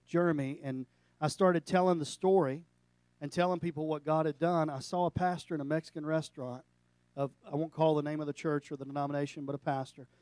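A middle-aged male pastor giving a sermon, animated and storytelling, breaking into jokes. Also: fairly high pitch, no echo.

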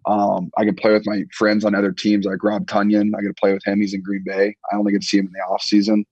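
A man's voice: monotone, fast, darkish tone, slightly rough, no echo. A young man in his twenties, casually chatting as a podcast host in a laid-back, rambling way with plenty of ums. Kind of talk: casual chat. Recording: muffled low-fidelity audio.

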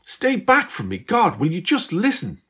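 A man voicing a teenage girl from the future, anxious and stammering, in a husky voice. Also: mid-range voice, expressive, normal speed.

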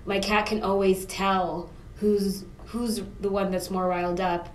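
A woman's voice: mid-range voice, flat delivery, measured pace. A woman chatting playfully in a casual conversation. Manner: playful, acts out others in quotes. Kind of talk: casual chat. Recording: roomy audio with faint background hum.

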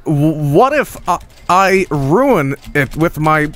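A man streaming a game, commentating casually and excitably, swearing often and laughing a lot. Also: a little high, slow.

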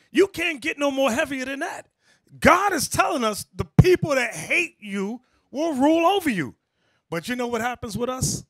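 A high-voiced man preaching with a wildly swinging pitch and a lot of energy. He keeps calling out for the next scripture and acts out how people react. His voice is close and dry, with hardly any room sound. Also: fairly bright tone, dry recording. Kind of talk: lively sermon to a class.

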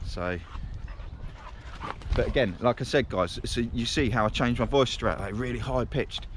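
A man's voice: mid-range voice, normal speed. A man chatting casually to his viewers while walking his dogs in the woods, rambling from one thought to the next, recorded on a handheld camera. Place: outdoor woodland on a windy day. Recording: wind and outdoor noise.

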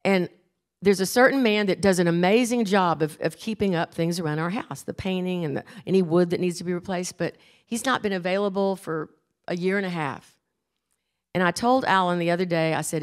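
Older woman preaching slowly and earnestly. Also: mid-range voice. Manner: earnest, slow and emphatic, repeating key phrases. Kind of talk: sermon. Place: church.

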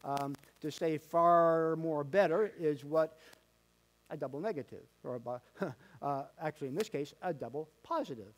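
Male pastor, folksy sermon delivery, high voice, hammers repeated words, lots of ums. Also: moderate pace, a little mellow, breathy edge. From Canada. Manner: folksy, repetitive emphatic preaching with many fillers. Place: church sanctuary.

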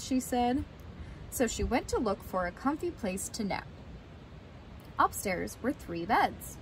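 A woman teacher reading a fairy tale aloud to children with expressive, animated storytelling. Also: medium pitch, measured pace. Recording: noisy, with vehicle sounds.

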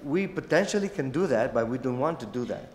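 A man whose first language is Italian answers judges' questions in a halting way, restarting his phrases. His voice has a mid pitch and rings through a large hotel hall with a long reverb tail. A faint hum of room ambience sits behind him. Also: animated, darkish tone. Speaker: pitching innovator. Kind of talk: stage Q&A answers.

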